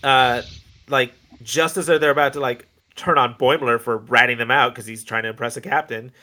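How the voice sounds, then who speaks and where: A man's voice: medium pitch, steady tone, normal speed, sharp tone, slight background noise. A man co-hosting a podcast, recapping an episode in rambling casual chat full of fillers. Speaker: podcast co-host.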